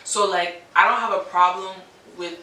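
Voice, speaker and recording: A woman's voice: lowish voice, fairly even intonation, normal speed, pushed and bright, a little hiss or hum. A woman in her twenties co-hosting a casual chat, reasoning her thoughts aloud with slang. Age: 20s. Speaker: co-host. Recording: roomy echo from far off.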